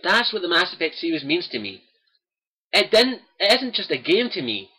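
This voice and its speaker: A man's voice: sits high, very animated, normal speed, bright, forceful tone, slightly rough. A young Scottish man, host of a gaming livestream, speaking to viewers in an earnest, impassioned personal monologue and repeating his key phrases.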